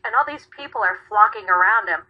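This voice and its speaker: Blunt woman with a husky voice. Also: mid-range voice, lively intonation, fast talker, highs cut off. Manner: blunt, frank. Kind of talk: casual radio chat.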